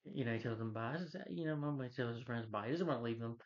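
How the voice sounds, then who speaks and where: A man's voice: medium pitch, fairly even intonation, quick pace, lo-fi sound. A man retelling a film's plot in a casual, rambling review, full of fillers and restarts. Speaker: film reviewer. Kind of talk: casual spoken film review.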